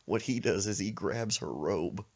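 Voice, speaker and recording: A man telling a comic story on a podcast, animated, with casual slang and sound effects. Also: fairly low pitch, measured pace, dull audio. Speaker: comedian storyteller.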